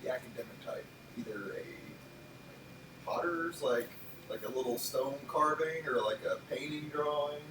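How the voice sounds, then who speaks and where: A man's voice: medium pitch, moderate pace. A man playing a tabletop game, thinking aloud in a hesitant way. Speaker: player. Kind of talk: tabletop role-play. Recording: distant mic in an echoey, noisy room.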